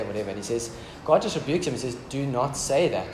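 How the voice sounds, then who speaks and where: A man's voice: mid-range voice, animated, fast talker. A man preaching a casual, joking sermon in a church hall. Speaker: pastor. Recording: echoey church hall with background noise.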